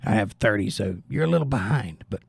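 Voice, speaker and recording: A man's voice: fairly low pitch, lively intonation, a little fast, vocal fry, husky, no echo, clean studio sound. A man hosting a live stream, giving blunt, opinionated political commentary in a casual chat style and answering viewers. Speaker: livestream host reading chat.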